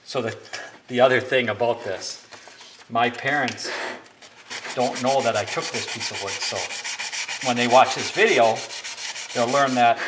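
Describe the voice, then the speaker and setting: A young man casually explaining a DIY woodworking project, rambling a bit and joking at his own expense. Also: mid-range voice. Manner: rambling, self-deprecating joking. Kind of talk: casual how-to narration. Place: home workshop. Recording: noisy workshop recording. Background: workshop noise, sanding and clicks.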